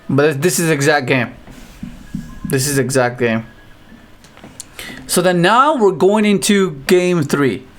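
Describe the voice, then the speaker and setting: A man giving casual, rambling commentary on his own card game matches, with frequent restarts and excited outbursts. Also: on the high side. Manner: rambling, restarts often, animated exclamations.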